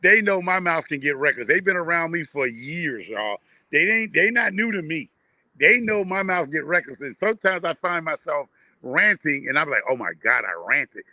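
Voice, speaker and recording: A man, a panel guest who talks in animated bursts and repeats himself. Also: a little high, moderate pace, dry recording. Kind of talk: casual panel chat.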